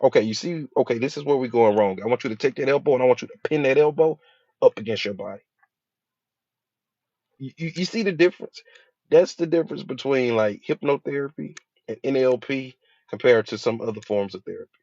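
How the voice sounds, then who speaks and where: A man's voice: mid-range voice, fairly quick, darkish tone, dry recording. Guy hypnotherapist preaching mindset, repeats himself a lot, slangy and emphatic, muffled dry lo-fi sound. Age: adult with a school-age child. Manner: emphatic, repetitive, rhetorical questions; casual slangy delivery. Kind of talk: motivational speech. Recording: dull dry lo-fi recording.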